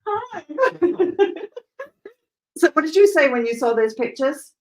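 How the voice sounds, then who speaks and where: A woman teaching a live online hairdressing class, lively and emphatic, laughing often. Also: sits high, slow. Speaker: hairdressing educator.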